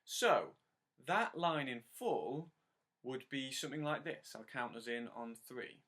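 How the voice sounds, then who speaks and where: A man's voice: medium pitch, lively intonation, very noisy. A man teaching a harmonica lesson step by step, patiently counting in and praising the learner. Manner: counts in and sings lines slowly; encouraging, patient.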